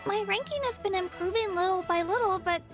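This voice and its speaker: A woman voicing a nervous, unsure young bear warrior girl in a video game, talking with halting restarts. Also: extremely high pitch. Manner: hesitant, stammering. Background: game music.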